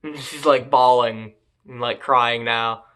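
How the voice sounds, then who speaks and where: A man's voice: medium pitch, steady tone, slow, a crowd in the background. A young man recapping an anime in a casual, rambling and crude manner, joking as he goes. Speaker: anime reviewer.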